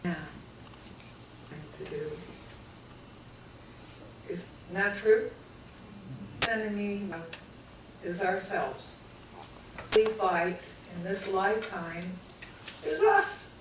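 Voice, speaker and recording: A woman giving an inspirational talk to a live audience, telling her story slowly and heartfelt, then teasing the crowd playfully. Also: mid-range voice. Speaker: guest speaker. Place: large echoey hall. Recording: roomy hall from far off with background noise.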